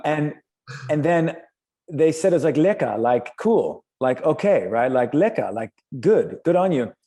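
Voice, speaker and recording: A man's voice: fairly high pitch, very animated, a little slow, warm tone. A man, an actor, chatting as a guest in an interview and telling anecdotes with lots of fillers and restarts. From United States. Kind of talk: casual interview chat.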